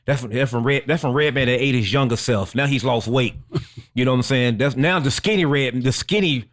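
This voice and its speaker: A man co-hosting a podcast, telling stories casually, animated and swearing freely. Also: medium pitch, brisk. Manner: animated, swearing, impersonates others. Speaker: podcast co-host. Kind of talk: casual chat, reminiscing.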